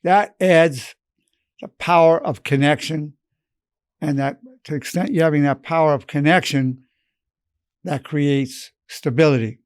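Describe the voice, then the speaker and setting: An elderly man in his eighties teaches with earnest, measured calm. His voice sits somewhat high for a man. The sound is close and dry, with no room echo. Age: 80s. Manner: earnest, measured, acts out loving phrases softly. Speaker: psychologist giving a lesson. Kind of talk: unscripted advice talk.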